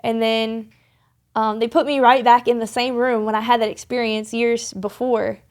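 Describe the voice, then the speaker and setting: Young woman on a podcast telling her faith story, bit high voice, lots of ums and restarts, earnest. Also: level tone, normal speed. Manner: earnest, rambling with many restarts and fillers. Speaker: podcast guest. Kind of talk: faith testimony in conversation. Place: podcast studio.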